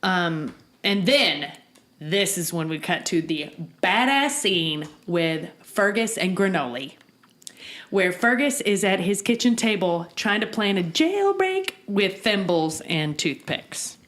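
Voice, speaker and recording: A woman co-hosting a casual TV recap podcast, animated and quick to laugh, with crude jokes. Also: medium pitch. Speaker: podcast co-host.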